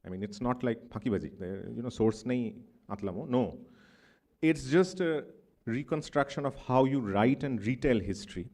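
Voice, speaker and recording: A man's voice: medium pitch, normal speed, darkish tone. A man in his thirties with a Bengali accent, giving an academic conference talk in a thoughtful, discursive way with many asides. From India. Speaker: conference speaker. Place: conference hall.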